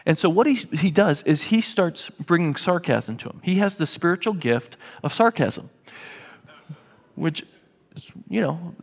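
Gravelly preacher in a big hall. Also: male voice, on the high side. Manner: emphatic, sarcastic preaching with restarts. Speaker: pastor. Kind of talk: sermon. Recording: reverberant hall.

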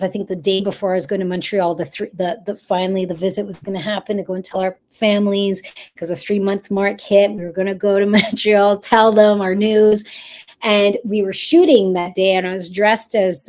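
A woman's voice: mid-range voice, steady tone, moderate pace, darkish tone. Chatty woman guest who laughs a lot. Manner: chatty, laughs often, backtracks mid-story. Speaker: children's TV performer, guest. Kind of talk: casual interview storytelling.

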